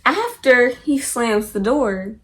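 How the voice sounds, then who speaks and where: Animated young woman telling a storytime. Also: on the high side, slow pace. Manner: animated, slangy, acts out quotes. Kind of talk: casual storytime.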